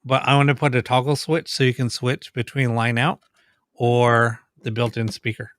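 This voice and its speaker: A man co-hosting a live podcast, speaking casually and haltingly with frequent ums. His voice sounds dry, with no room around it. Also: medium pitch, dry recording. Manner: relaxed, hesitant, many ums. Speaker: podcast co-host.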